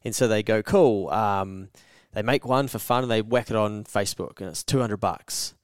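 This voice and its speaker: A man's voice: lowish voice, normal speed, clear, resonant tone, no echo, clean studio sound. A man co-hosting a casual podcast chat, telling stories with lots of energy, swearing freely and acting out what people say. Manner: animated storyteller who swears freely and acts out quotes. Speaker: podcast co-host.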